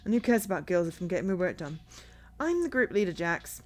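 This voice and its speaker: A woman's voice: on the low side, big pitch swings, fairly quick, a little mellow, soft background music. A woman reading as Tyler, a weary young band leader. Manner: weary, defensive.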